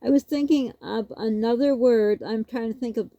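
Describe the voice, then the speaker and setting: A woman's voice: fairly high pitch, normal speed, warm tone, no echo, highs cut off. A woman vlogger telling a rambling, casual story, laughing often as she goes.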